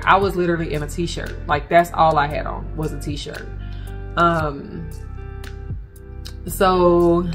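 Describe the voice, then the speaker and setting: A woman's voice: fairly low pitch, fairly bright tone. Woman telling a tense personal story. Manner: halting, many fillers and restarts, addresses viewers directly.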